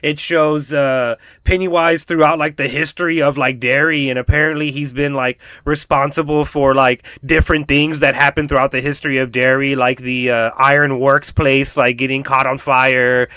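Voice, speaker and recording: A man casually recapping a TV episode for his channel, telling it in a profane, animated way with lots of fillers. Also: medium pitch, normal speed, hardly any pauses, clear, resonant tone, no echo. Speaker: reaction channel host.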